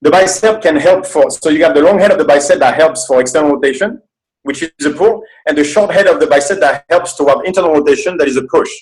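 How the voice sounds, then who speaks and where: A man with a French accent and a voice on the high side appears as a guest strength coach on a podcast, explaining training quickly and in earnest, plain-spoken detail. He swears casually, and the recording quality is low.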